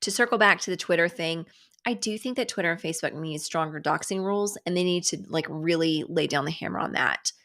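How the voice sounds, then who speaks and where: Animated sarcastic woman livestreamer. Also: lowish voice, brisk. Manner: animated and sarcastic, swears casually. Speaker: livestream host. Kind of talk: casual chat.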